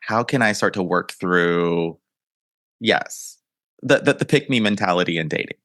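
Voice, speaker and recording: A man's voice: sits low, expressive, measured pace, a bit bright, dry recording, clean studio sound. A man hosting a dating podcast, chatting casually and readily agreeing with his guest. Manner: affirming, frequent agreeing murmurs. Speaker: podcast host and dating coach. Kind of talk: casual conversational interview.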